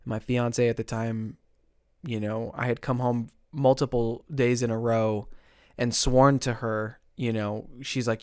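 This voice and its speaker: A young man telling his recovery story as a podcast guest, earnest and halting, with many restarts. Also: medium pitch, level tone, smooth, dry recording, studio quality.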